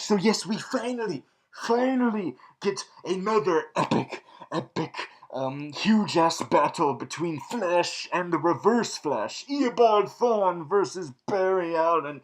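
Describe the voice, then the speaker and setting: Excitable, cursing man vlogging a recap; stammering, wildly animated pitch. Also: a little slow, low-quality recording. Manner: excitable, swears a lot, many restarts and stammers. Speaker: vlogger recapping TV episodes in a supervillain persona. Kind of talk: casual rambling recap.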